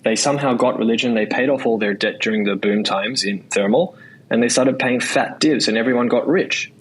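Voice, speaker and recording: Australian man, casual podcast guest, average pitch, rambling with repeated words. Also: breathy edge, rough recording. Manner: quick, loose talk full of "like" and "right?". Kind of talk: casual interview chat.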